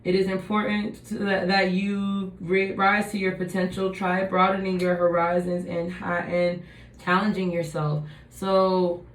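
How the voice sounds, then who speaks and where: Slow, musing woman in an echoey room. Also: lowish voice, level tone, slight background noise. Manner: musing, thinks aloud while reading cards. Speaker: tarot reader. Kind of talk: casual tarot reading.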